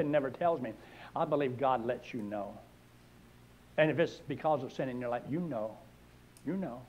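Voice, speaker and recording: A male pastor preaching a sermon, with animated delivery, rhetorical questions, and loud, drawn-out scripture readings. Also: mid-range voice, highs cut off.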